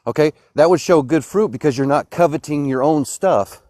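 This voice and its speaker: A man's voice: fairly high pitch, normal speed, dry recording, clean studio sound. A man arguing his faith in a heated live-stream debate, insistent and preachy. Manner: insistent and preachy, rising to loud outbursts. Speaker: Christian caller in a debate.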